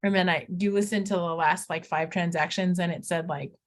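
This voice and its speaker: A woman's voice: on the low side, fairly even intonation, fairly quick. A middle-aged woman teaching math in a recorded lesson, talking students through each step with playful asides.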